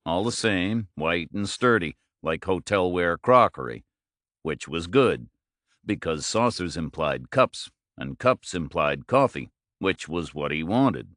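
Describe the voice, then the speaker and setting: Deep-voiced male audiobook narrator. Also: lively intonation, a bit bright, dry recording, studio quality. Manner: measured, clipped phrasing.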